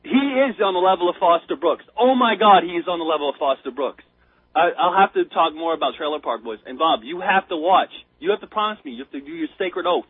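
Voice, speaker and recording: An American man calling in to a talk show, telling a story with breathless excitement and tripping over his words. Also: sits high, brisk, husky, no room sound. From United States. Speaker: caller. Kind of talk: casual chat. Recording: tinny phone line.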